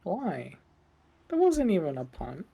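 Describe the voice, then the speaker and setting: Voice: medium pitch, huge pitch swings, takes it slowly, creaky, mellow, slightly rough. A friend on a gaming stream who teases and giggles while explaining the game's units. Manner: giggly, teasing. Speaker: friend explaining game mechanics. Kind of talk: casual gaming chat.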